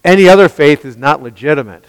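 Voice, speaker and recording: A man preaches with emphasis, often turning statements into rhetorical questions for the congregation. His voice sits a little high and sounds smooth and resonant. A long reverb from a large hall trails behind him. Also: expressive, quick pace. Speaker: pastor. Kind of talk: expository sermon.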